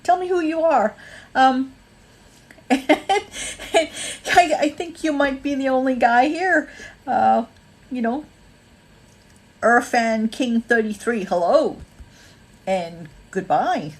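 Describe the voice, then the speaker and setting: A woman's voice: high voice, slow, pauses often, rough recording. A woman from Malaysia with a mixed, mostly American accent and a touch of Australian, hosting a casual livestream, rambling with lots of ums and greeting viewers by name. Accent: mixed American with a bit of Australian. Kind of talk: casual live-stream chat.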